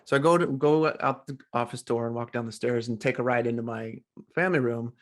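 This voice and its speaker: A middle-aged man, a coach, telling a story as a podcast guest in a lively, animated way. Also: mid-range voice, fairly quick. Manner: animated storyteller, acts out quoted voices. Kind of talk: casual storytelling interview.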